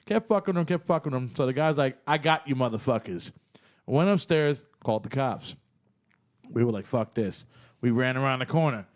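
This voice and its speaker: A man hosting a podcast who tells stories in a loose, animated way, swearing constantly. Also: medium pitch, quick pace. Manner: profane, animated street storytelling. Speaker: podcast host. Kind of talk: casual podcast chat.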